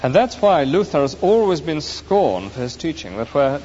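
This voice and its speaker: A man's voice: fairly high pitch, big pitch swings, normal speed, mellow. A man preaching an earnest, emphatic sermon, explaining scripture to his congregation. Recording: dull echoey hall recording with faint hiss.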